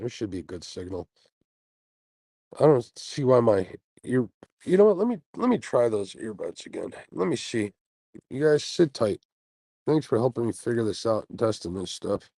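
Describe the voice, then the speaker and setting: A laid-back man hosts a mellow livestream for his fishing channel, chatting and reading viewer comments with frequent fillers and little laughs. He's sleepy and yawning after a night without sleep. His medium-pitched voice has vocal fry and is slightly rough, recorded dry and with poor audio through earbuds mic on a phone stream.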